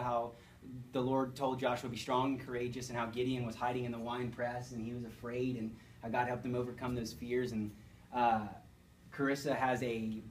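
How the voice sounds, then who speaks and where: Male pastor, mid-pitched, enthusiastic and rambling, recorded from a distance. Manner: rambling, self-correcting, enthusiastic. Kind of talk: casual storytelling to a group. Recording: distant mic, faint background noise.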